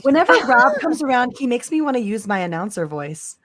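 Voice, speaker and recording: A woman's voice: fairly high pitch, big pitch swings, brisk, a bit bright, slight background noise. Teasing woman on a podcast call. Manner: teasing, swears. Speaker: podcast co-host. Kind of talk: casual chat.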